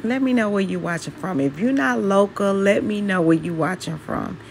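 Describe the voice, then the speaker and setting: A Southern-accented woman from Mississippi chats casually with her viewers and asks them questions while cleaning her home kitchen. Her voice sits at medium pitch and moves at a moderate pace, with slight background noise. She's a home vlogger.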